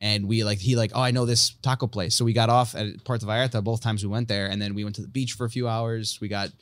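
Fast-talking comedian guest with a dry, close sound; rambles through his stories. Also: on the low side, flat delivery, dry recording. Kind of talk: casual podcast chat.

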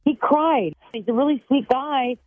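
A woman's voice: sits high, unhurried, dry recording, phone-quality sound, faint music behind. A woman calling in to a radio show, blunt and exasperated as she talks about a date. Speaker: caller. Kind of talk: phone call on a radio show.

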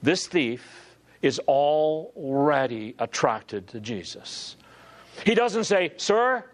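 A man's voice: medium pitch, animated, takes it slowly. A male preacher giving an earnest, emphatic sermon and asking his listeners rhetorical questions.

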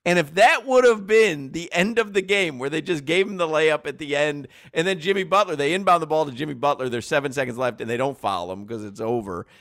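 A man hosting a sports talk radio show, telling rambling stories in an animated way and laughing often, on a close studio mic. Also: a little high, fairly quick, hardly any pauses, no room sound.

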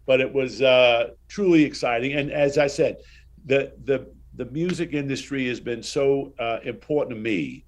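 A man in his sixties tells stories as an interview guest. He has a middle-pitched voice and acts out what people said in a lively, chatty way. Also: normal speed. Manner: animated anecdotes, acts out dialogue. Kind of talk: casual storytelling interview.

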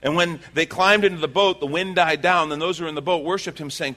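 A male pastor preaching a sermon, telling the story with animated energy and acting out the characters' lines. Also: fairly high pitch, fast talker. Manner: animated storytelling, acts out quotes.

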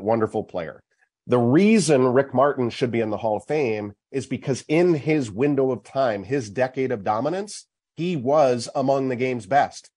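A man's voice: medium pitch, darkish tone. A middle-aged man hosting a sports talk show, making his case emphatically and at length.

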